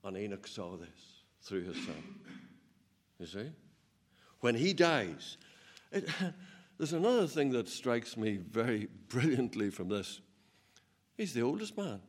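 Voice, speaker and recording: A man preaching a sermon, swinging between loud emphatic peaks and low, quiet asides, with a chuckle now and then. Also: big pitch swings, slow pace, pauses often. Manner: laughs while telling stories.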